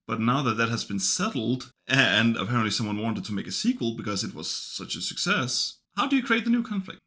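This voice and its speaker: A man's voice: on the low side, bright, forceful tone. A man casually reviewing films, chatty and enthusiastic. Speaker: film reviewer. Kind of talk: casual video review commentary.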